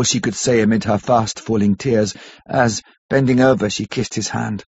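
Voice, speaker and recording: A man narrating a classic novel as an audiobook, measured and dramatic. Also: on the low side, steady tone, a little mellow, husky. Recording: dull lo-fi audiobook recording.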